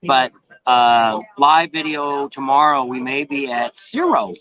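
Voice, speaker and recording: A man's voice: medium pitch, expressive, takes it slowly, fairly bright tone, muffled recording. A man hosting a casual live-stream travel vlog, rambling and folksy, often correcting himself. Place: noisy bar with a crowd.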